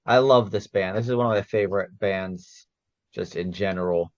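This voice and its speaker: A man co-hosting a podcast who introduces a band in casual chat, speaking in a relaxed, halting way. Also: deep voice, highs cut off. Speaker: podcast co-host presenting bands.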